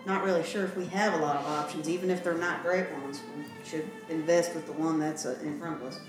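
A woman's voice: sits low, steady tone, fairly quick, roomy sound, over music. A woman player reasoning out a plan in casual tabletop play.

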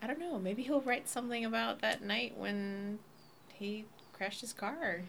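A woman's voice: fairly high pitch, measured pace, creaky, a bit bright, a little hiss or hum. A woman chatting casually on a podcast, blunt and playful, often laughing.

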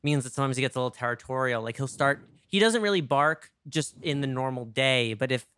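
A man's voice: medium pitch, a little fast, fairly bright tone, smooth. A man with a New York accent hosting a podcast, talking casually, laughing often and using many fillers. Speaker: podcast host. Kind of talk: casual interview chat.

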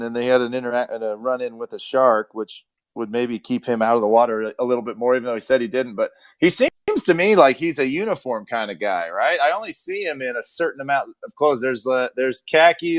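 A man in his thirties, a former player, co-hosts a casual sports podcast in a medium-pitched voice. He jokes around and leans sarcastic while chatting. There's no echo.

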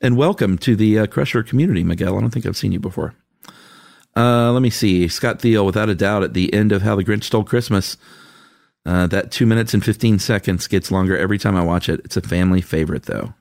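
Man, very low voice, casual podcast co-host reading listener notes, dry close sound. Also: fast talker, vocal fry, a little mellow, no echo. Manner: laid-back, chuckling, frank opinions. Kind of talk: casual chat.

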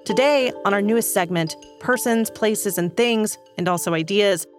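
A woman co-hosting a comedy podcast, announcing its segments in a bright, showy delivery. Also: medium pitch, moderate pace, over music.

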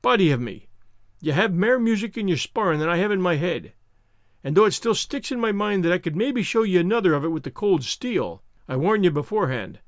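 A man voicing a proud, quick-tempered Highland gentleman piper, in a formal, stiff manner while reading a novel aloud. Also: expressive, no echo, clean studio sound. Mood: humbled.

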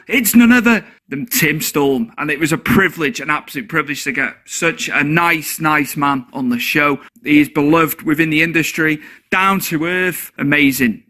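Give me an eager male host with a bright, sharp voice introducing a guest. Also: high-pitched. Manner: enthusiastic, effusive praise. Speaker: podcast host. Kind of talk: introducing guests and asking questions.

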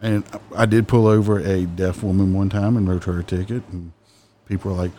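A man's voice: low voice, steady tone, a little fast, a little hiss or hum. Blunt, cussing ex-cop man. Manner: blunt, profane, mimics people loudly. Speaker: former police officer. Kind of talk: casual storytelling chat.

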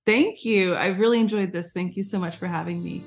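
A woman's voice: on the low side, a little fast, soft background music. An American woman talking as an interview guest in casual chat, chatty and emphatic, with many "like" fillers, over a video call. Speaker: guest, branding agency founder.

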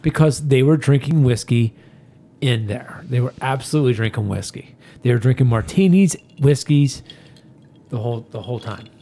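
A man's voice: mid-range voice, normal speed, warm tone, slight background noise. A man who is a guest on a chatty podcast, talking bluntly and casually and swearing freely. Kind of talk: casual chat.

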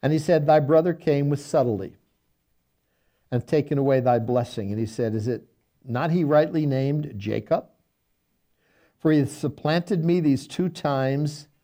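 Guy pastor doing bible study, warm low-key voice, reads the verses then chats them out folksy. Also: unhurried, long pauses. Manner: reads scripture aloud, then paraphrases it in folksy everyday speech.

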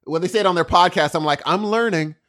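A man co-hosting a podcast, joking around in casual chat and laughing easily. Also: sits high. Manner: animated, jokey, quick to laugh. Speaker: podcast co-host.

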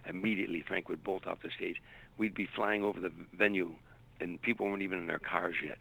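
A man's voice: low voice, fairly even intonation, fast, creaky, fairly bright tone, breathy edge, low-quality recording. An older man, a stand-up comedian, telling long anecdotes in an interview, repeating words as he searches for them. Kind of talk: storytelling interview.

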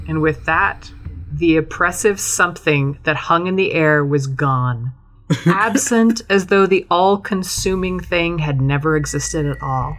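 A woman's voice: deep voice, unhurried, a bit bright. A woman co-hosting a podcast, playfully reading out a comic story and laughing often. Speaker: podcast co-host reading fan fiction.

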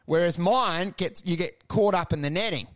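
A man's voice: high voice, normal speed, fairly bright tone. A man co-hosting a comedy podcast, telling rambling stories, acting out voices and laughing often. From Australia. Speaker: podcast co-host and stand-up comedian. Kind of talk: casual comedy podcast chat.

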